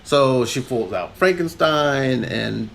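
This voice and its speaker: Animated gravelly man on a podcast. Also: mid-range voice, slow, a little hiss or hum. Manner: rambling, animated, laughs often. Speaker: podcast co-host. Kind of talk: casual chat recapping a film.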